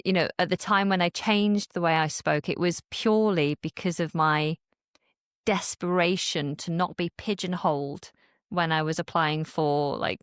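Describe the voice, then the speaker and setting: A woman's voice: fairly low pitch, moderate pace, smooth, no echo, clean studio sound. Woman speaking trained Received Pronunciation. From Manchester, northern England. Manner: candid, animated storyteller. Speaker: guest, language creator. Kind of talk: conversational podcast interview.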